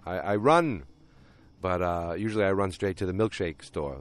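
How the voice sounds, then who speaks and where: A man casually recapping a TV episode with a deep voice and rambling, jokey asides. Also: animated, normal speed.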